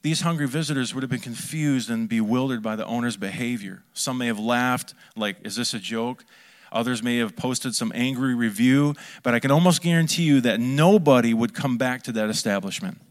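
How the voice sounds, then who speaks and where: A male pastor delivers a sermon in a lively, conversational way, cracking jokes and throwing questions out to his congregation. His voice sits at an ordinary middle pitch. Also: brisk, hardly any pauses. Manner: lively, joking preaching with asides to the congregation.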